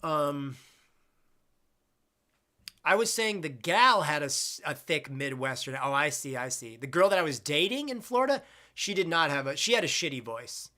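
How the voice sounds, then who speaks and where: A young man with a fairly high, bright and forceful voice chats loosely with his viewers on a live stream. He rambles, gets blunt, and swears casually while he reads comments aloud. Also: expressive, moderate pace.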